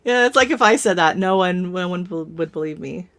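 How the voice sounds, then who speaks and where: Chatty, rambling woman with a lower voice. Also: brisk, a bit bright, a little hiss or hum. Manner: rambling, chatty storyteller with frequent laughs. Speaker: live stream host. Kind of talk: casual live-stream chat.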